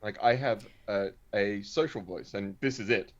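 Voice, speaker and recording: A man's voice: fairly low pitch, moderate pace. Easygoing man, muffled call audio. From Australia. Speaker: player. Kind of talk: casual chat between players.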